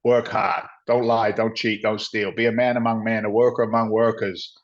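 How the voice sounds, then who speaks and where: Speaking in a lowish voice at a moderate pace, this guest, once a firefighter and now a real estate investor, is a blunt middle-aged man who tells salty, animated stories and acts out the dialogue. The conversational recording sounds dull and lo-fi.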